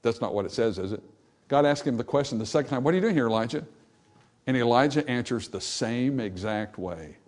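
A man preaching a sermon, animated and acting out the voices in the scripture passage, then dropping to softer, reflective tones. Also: medium pitch, fairly quick. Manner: animated, acts out dialogue from scripture. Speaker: pastor.

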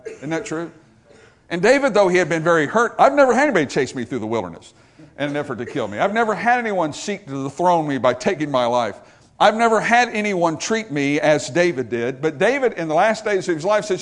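Male preacher mid-sermon: high-pitched, hugely animated delivery, repeating phrases and dropping to a hush. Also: fairly quick. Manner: emphatic and repetitive, swinging from loud to hushed.

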